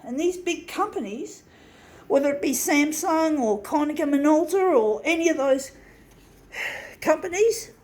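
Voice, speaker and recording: A woman's voice: high voice, darkish tone, a little hiss or hum, poor audio. A woman vlogger ranting to her camera, swearing, sighing and exasperated, recorded on a camera mic indoors beside an office copier. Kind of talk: angry rant to camera. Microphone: camera mic, set down nearby.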